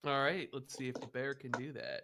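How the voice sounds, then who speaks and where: Calm man running the game. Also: mid-range voice, a little fast, a little hiss or hum. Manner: calm, procedural, explains rules. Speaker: dungeon master. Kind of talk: running a tabletop game online.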